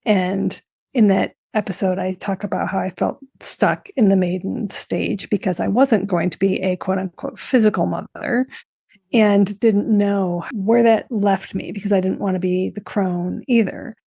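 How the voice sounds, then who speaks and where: Woman podcast host, earnest explainer, mellow tone with fry. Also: medium pitch, steady tone, measured pace, no room sound. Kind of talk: interview talk.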